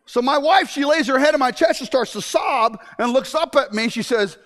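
A man preaching a sermon to a congregation. He jokes, bursts into shouts, and drops to hushed asides. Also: extremely high pitch, moderate pace, hardly any pauses. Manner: animated and joking, with sudden shouts and hushed asides.

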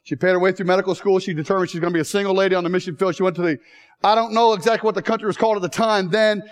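Male chapel speaker, very high voice, humorous storytelling sermon. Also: steady tone, very fast. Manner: joking, then emotional and shouting.

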